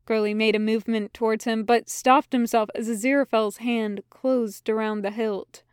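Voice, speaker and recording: A woman narrating a story aloud in a measured, expressive reading. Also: a little high, clean tone, dry recording, clean studio sound. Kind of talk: reading fan fiction aloud.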